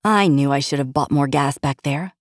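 A woman's voice: rumbling low, moderate pace, no echo. Woman voicing a laid-back pilot husband, offhand and smug, dry close audiobook read. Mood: calm. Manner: calm, offhand and patronizing. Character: calm, teasing young husband and pilot. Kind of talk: audiobook character voice.

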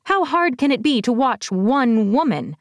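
A furious, weakened sorceress with an imperious bite, as a woman narrator voices her, pitched noticeably higher and louder than the surrounding narration. She seethes and snaps in a shrill, commanding tone. The sound is close and dry, an audiobook character voice. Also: sing-song, measured pace, no room sound. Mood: seething.

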